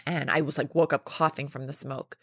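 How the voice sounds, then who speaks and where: A woman in her forties, a podcast guest, telling lively stories in casual chat with quick restarts and laughs. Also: deep voice, no room sound, clean studio sound. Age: 40s. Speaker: podcast guest, company founder.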